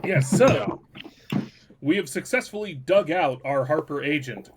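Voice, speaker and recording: Guy running a tabletop game, jokey rambly talk, voice on the higher side. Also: animated, normal speed, background noise. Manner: joking, self-deprecating, rambling. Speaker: game master. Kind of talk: casual tabletop game chat.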